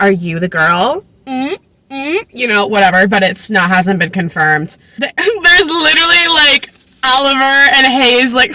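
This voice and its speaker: Woman in her twenties, casual book recap vlog, bright voice, filler-heavy chatter, sarcastic asides. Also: medium pitch. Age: 20s. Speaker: book vlogger.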